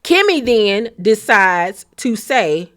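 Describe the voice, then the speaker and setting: A woman giving a blunt, profane, animated recap of a reality show in casual commentary. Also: mid-range voice, slow pace.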